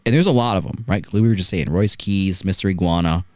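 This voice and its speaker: In clean studio sound with no room sound, a deep-voiced wrestling podcast host talks briskly. He hosts a casual review, telling animated stories full of rhetorical "right?" asides.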